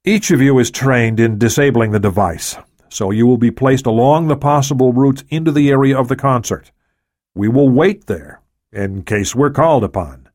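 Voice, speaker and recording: A man voicing a calm male operations leader giving a briefing in an audiobook. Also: mid-range voice, normal speed, pitched above the performer's own voice, lightly acted. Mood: businesslike.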